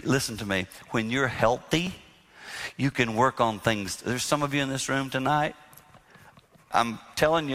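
A man giving a sermon-style marriage talk to a live audience, earnest, moving from emphatic to very soft. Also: medium pitch. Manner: earnest, shifts between loud emphasis and soft near-whispers. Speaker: marriage speaker. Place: live event room with audience. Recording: long reverb of a hall.

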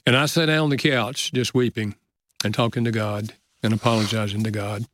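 An older man, a guest author, telling a personal story in an earnest, measured way in a casual conversation. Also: fairly low pitch, fairly even intonation, fairly bright tone, no echo.

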